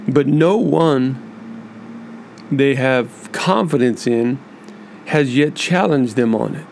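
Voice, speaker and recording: A man hosting a podcast, speaking earnestly and emphatically to church leaders in a measured monologue with many repeated lists. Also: medium pitch, creaky, a little mellow, slight background noise. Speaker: podcast host.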